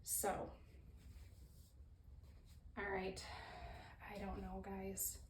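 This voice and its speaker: A woman talks extremely slowly, in a medium-pitched voice and a completely flat delivery, while demonstrating fluid art in a casual tutorial. She chats and thinks aloud, with apologetic asides. She's in a roomy art studio, and the echoey recording has a faint ambient hiss.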